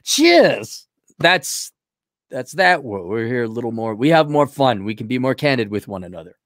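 A man's voice: medium pitch, sing-song, moderate pace, a bit bright, no echo, clean studio sound. A man hosting a casual livestream, reading viewer donations aloud and riffing on them with sarcasm. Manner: sarcastic, rambling. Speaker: stream host reading donations.

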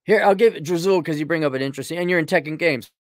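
A middle-aged man with a slightly high-pitched voice rants sarcastically from his livestream desk. He rambles, restarts, and shifts into mocking tones. The sound is close and dry, with no room echo. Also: rapid-fire. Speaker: livestream host. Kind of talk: casual opinionated commentary.

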